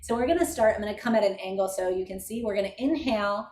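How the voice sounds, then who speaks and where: A woman instructor guiding a slow breathing and movement exercise, calm and measured. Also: mid-range voice, slight background noise. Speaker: energy-work instructor.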